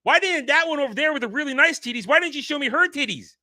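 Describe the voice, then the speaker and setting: A man's voice: extremely high pitch, animated, quick pace, no echo, clean studio sound, pitched above the performer's own voice, full character voice. Man putting on a raging berserker fighter. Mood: enraged. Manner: shouting indignant rants. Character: enraged muscular male fighter in berserker rage.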